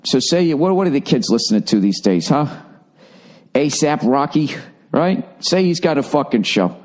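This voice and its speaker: A man's voice: on the high side, animated, normal speed. A man hosting a solo podcast, telling a rambling story full of profanity and self-mocking asides. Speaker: podcast host.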